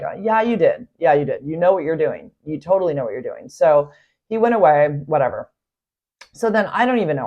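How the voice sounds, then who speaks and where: A woman's voice: deep voice, a little mellow, dull audio. A woman hosting a podcast, telling a story from her school work in a chatty way, full of "like" fillers. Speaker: podcast host; school staff member. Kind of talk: casual storytelling.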